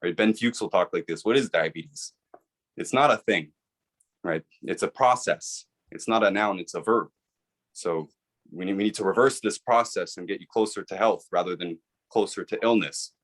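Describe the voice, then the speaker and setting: Earnest low-voiced man explaining. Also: normal speed, fairly bright tone. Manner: earnest, persuasive, repeats "right?". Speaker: author and guest. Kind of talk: explanatory interview talk.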